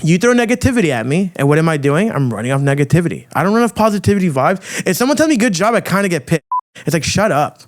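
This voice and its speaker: A man hosting a podcast, delivering a loud, crude, provocative rant full of swearing. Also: sits high, big pitch swings, rapid-fire. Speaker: podcast host. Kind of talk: ranting monologue.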